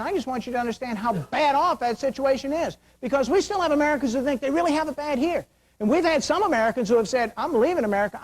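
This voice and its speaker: A man's voice: extremely high pitch, poor audio. A middle-aged man giving a security briefing to an auditorium, joking and asking rhetorical questions, his voice wearing thin. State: losing his voice. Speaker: security awareness speaker. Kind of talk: lecture to an auditorium.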